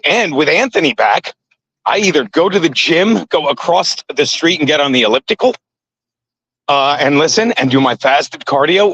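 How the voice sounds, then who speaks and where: A man's voice: a little high, a bit bright, no echo. A middle-aged man chatting casually on a livestream to his viewers, rambling and swearing often and laughing at his own jokes. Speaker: comedian livestream host. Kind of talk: casual chat to a live chat while jump roping. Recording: dry, dull lo-fi sound.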